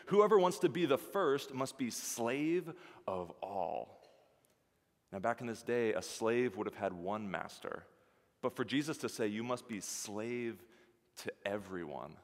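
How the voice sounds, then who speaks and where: A man preaching a sermon as pastor, lively, acting out the voices of the people in his story. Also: mid-range voice. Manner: animated, acts out voices of the disciples and Jesus. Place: church sanctuary. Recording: church hall reverb.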